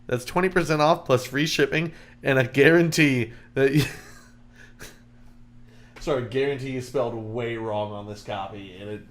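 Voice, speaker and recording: A podcast co-host with a medium-pitched, slightly bright voice reads a sponsor ad in a casual way. He jokes around with his co-host and keeps cracking up mid-read.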